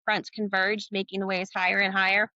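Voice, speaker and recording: Middle-aged woman guest, bright high voice, lively storyteller, dull lo-fi sound. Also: brisk, no echo. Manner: animated storyteller, acting out dialogue. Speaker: guest, sailor and author. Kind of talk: storytelling in a podcast interview.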